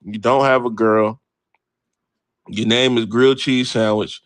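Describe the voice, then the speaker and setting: A man's voice: medium pitch, steady tone, unhurried, no room sound. A brash man hosts a late-night sports stream and fires back at his chat, swearing freely. His voice sits mid-range for a man. The sound is dry and close, with little room in it. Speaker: livestream host. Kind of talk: casual profane sports talk to live chat.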